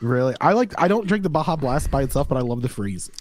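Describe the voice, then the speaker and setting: Dude cohosting a podcast, laughs a lot, rambles, dry close sound. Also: male voice, medium pitch, expressive, fast, no echo. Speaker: podcast co-host. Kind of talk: casual chat.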